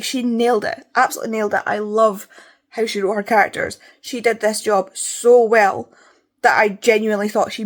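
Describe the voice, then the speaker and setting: A young Scottish woman talking casually in a home reading vlog, chatty and prone to swearing rants. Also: medium pitch. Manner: chatty, ranting, swears freely. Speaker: book vlogger.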